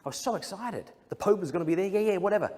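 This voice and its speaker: A man's voice: high-pitched, expressive, rapid-fire, darkish tone. A young Australian man telling funny stories to a live audience as a Catholic speaker, acting out the voices of the people in them. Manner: joking storyteller, acts out quoted voices. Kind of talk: comedic talk to a live audience. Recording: live hall with long reverb, faint crowd ambience.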